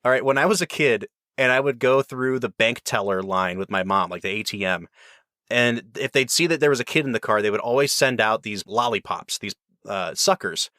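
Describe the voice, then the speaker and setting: A man hosts a casual podcast, explaining at length with easy enthusiasm. His voice is mid-pitched. It sounds close and dry, with no room around it. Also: animated, a little fast, sharp tone, dry recording. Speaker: podcast host.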